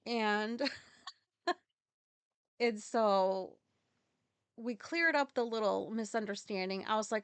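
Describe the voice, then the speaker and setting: A woman's voice: medium pitch, takes it slowly, pauses often, clean tone, no echo. A woman telling a personal story in a casual, rambling, candid way, swearing freely and using many fillers. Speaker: podcast host.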